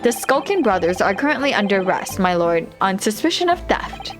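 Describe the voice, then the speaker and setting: A woman's voice: mid-range voice, very animated, brisk, music in the background, close to an everyday voice. A woman voicing a middle-aged male police inspector in a game, speaking formally and deferentially.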